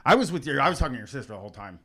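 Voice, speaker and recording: A man's voice: medium pitch, big pitch swings, crowd noise. A man hosting a casual radio talk show, rambling and stopping short to restart his sentences. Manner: rambling, halting, full of restarts. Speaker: podcast host.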